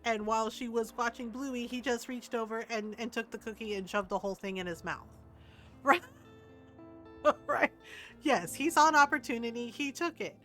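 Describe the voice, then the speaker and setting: An older woman streamer telling a family story in casual chat, animated and laughing often, with frequent asides of "right?". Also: a little high, normal speed, soft background music. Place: home streaming setup.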